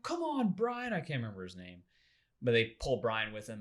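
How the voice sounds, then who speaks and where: Young male podcast host, casual storyteller, voice swings up and down a lot, mid pitch. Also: a little fast. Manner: animated, acts out quoted people with big pitch jumps.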